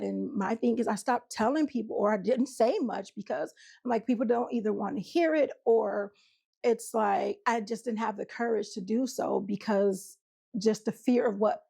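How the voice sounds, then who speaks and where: A woman's voice: mid-range voice, vocal fry, a little mellow, breathy edge. A woman relationship coach with a country twang, talking casually to camera, laughing often and acting out what people say. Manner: chatty, laughs often, acts out quotes.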